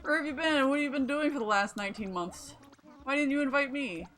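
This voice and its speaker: A woman's voice: sits high, fast talker, a bit bright, voice pushed up. Woman doing a chirpy, chummy animal villager.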